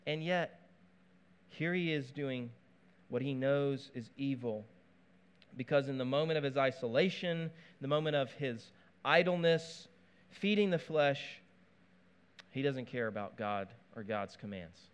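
A man preaching a sermon in a conversational, animated way, with asides and playful touches. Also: medium pitch, measured pace, long pauses, clear, resonant tone. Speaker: pastor.

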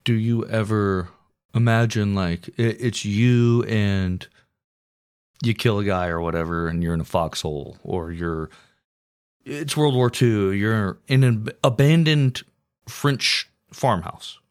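A man's voice: on the low side, steady tone, slow pace, clear, resonant tone. A man hosting a casual history podcast, telling the story with crude, profane jokes.

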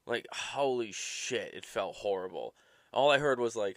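A man's voice: fairly low pitch, lively intonation, unhurried, dry recording. A young man ranting casually and profanely as a podcast host, exasperated and swearing often. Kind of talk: casual rambling rant.

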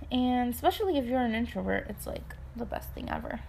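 A young woman talking softly and from the heart in a personal vlog, with light laughs and quiet whispered asides. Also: on the high side, expressive, brisk, creaky, slight background noise. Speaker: vlogger. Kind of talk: personal talk to camera.

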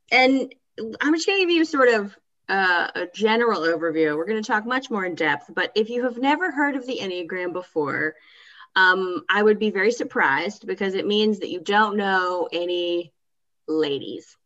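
A woman's voice: medium pitch, animated, normal speed, a bit bright, muffled recording. A woman in her forties hosting a casual podcast, friendly and teasing, laughing often. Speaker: podcast host.

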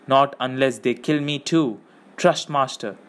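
A man voicing a young male hobbit who speaks softly and pleads with urgency. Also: medium pitch, a little slow, close to an everyday voice. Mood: soothing. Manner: soft, pleading.

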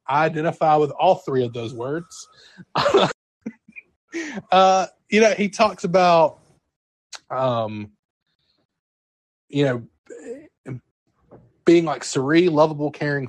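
A man's voice: fairly high pitch, no echo. A man co-hosting a podcast, talking casually with many fillers and easy laughter, in a sentimental way. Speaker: podcast co-host. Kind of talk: casual chat.

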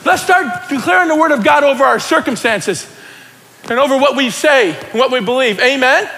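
A middle-aged man preaching a sermon, building from casual talk into excited shouting. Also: very high voice, moderate pace, creaky. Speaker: pastor. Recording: long church reverb.

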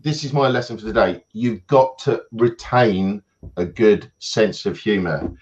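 A man's voice: fairly low pitch, measured pace, a little mellow, dull audio. A man, a coach, telling self-mocking anecdotes in casual chat on a video call.

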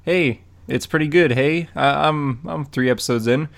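A young man co-hosting a podcast in casual chat, animated and laughing often, slipping into mock voices. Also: a little high, moderate pace, creaky. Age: young adult. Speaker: podcast co-host.

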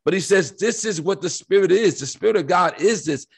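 A man co-hosting a faith podcast, talking in an animated, emphatic preaching style with rhetorical questions and scripture quotes. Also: sits high, fairly quick, creaky, husky. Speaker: podcast co-host.

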